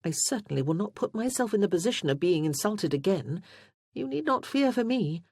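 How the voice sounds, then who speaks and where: A man voicing a warm, candid young widow in an audiobook, talking earnestly and a little breathlessly. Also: sits high, sing-song, a little fast, breathy edge, dry recording, clean studio sound, voice pushed up, exaggerated voice. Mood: reassuring. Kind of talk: audiobook character voice.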